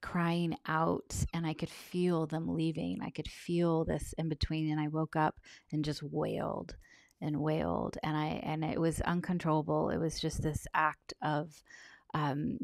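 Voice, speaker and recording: A woman telling a personal story in a soft, halting, reflective way, often close to a whisper and on the verge of tears. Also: low voice, monotone, gravelly, dry recording. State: tearful, on the verge of crying. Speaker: vlogger sharing a personal account.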